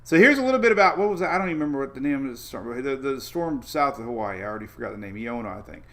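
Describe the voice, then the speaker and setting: A man's voice: mid-range voice, expressive, very fast, pushed and bright. Chatty man hosting a weather livestream. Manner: rambling, chatty, many fillers and restarts, greets viewers by name. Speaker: weather show host. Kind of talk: casual livestream weather talk.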